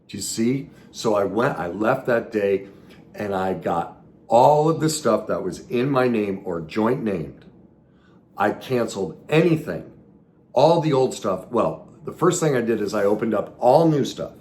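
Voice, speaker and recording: A man hosting a podcast as a trauma recovery coach, talking earnestly in a coaching manner, with sudden emphatic bursts and quiet drops. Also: fairly low pitch, lively intonation, a little slow. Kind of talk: solo podcast teaching talk.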